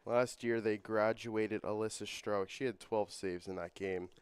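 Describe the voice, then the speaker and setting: A young man doing play-by-play for a student soccer broadcast. His voice climbs and quickens as the attacks build. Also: fairly low pitch, fairly even intonation, smooth. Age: young adult. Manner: rises and speeds up with the action. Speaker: play-by-play commentator. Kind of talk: student sports commentary.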